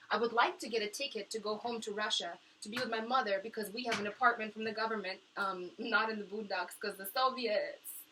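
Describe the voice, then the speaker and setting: Young woman vlogger, distressed, profane, sharp high voice, mic a little far off. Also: fairly even intonation, fairly quick, a little hiss or hum. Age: young adult. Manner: impassioned and profane, swinging between low mutters and shouting. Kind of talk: emotional monologue to camera. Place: small apartment kitchenette.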